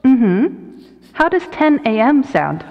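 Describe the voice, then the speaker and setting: A woman playing a calm, courteous female AI phone assistant in a comedy sketch phone call. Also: sits high, takes it slowly, big-room sound, heavily acted. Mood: polite.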